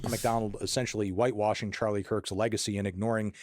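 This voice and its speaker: A man giving video commentary in a measured, scathing tone as an online critic. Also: lowish voice, level tone, darkish tone, no room sound, clean studio sound.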